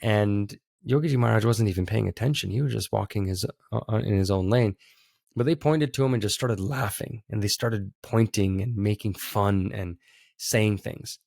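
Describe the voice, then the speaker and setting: An earnest male podcast host shares a spiritual story in a sincere, reflective way. His voice sits on the low side. The recording is dry and close, with no room echo. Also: normal speed, vocal fry, darkish tone. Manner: earnest, heartfelt.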